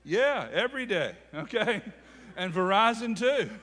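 A man's voice: high-pitched, sing-song, unhurried, a bit bright, big-room sound. A man preaching a sermon with call-and-response, speaking. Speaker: pastor.

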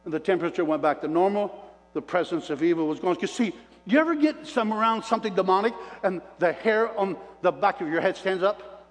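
A man preaching his testimony as an animated storyteller, folksy and plain-spoken, calling out to the congregation. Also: high voice, a little fast. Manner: animated storyteller with preacher call-outs to the crowd; folksy self-described redneck talk. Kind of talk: sermon testimony. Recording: long reverb of a large hall.

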